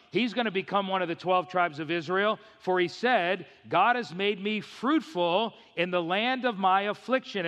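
Bright-voiced preacher man, in a hall. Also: high voice. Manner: emphatic, rhetorical questions, acts out quoted voices. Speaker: pastor. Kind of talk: expository sermon. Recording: reverberant hall.

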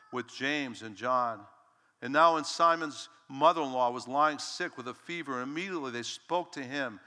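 A male pastor preaching a lively, emphatic sermon to his congregation and calling out "Amen?" as he goes. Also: mid-range voice, big-room sound. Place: church sanctuary.

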